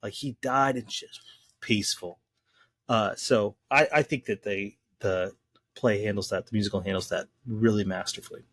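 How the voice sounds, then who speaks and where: Lively man in a dry podcast studio. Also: lowish voice, normal speed, dry recording. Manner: lively, explanatory, slangy with frequent restarts. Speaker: podcast co-host discussing the Bible. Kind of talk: casual podcast discussion.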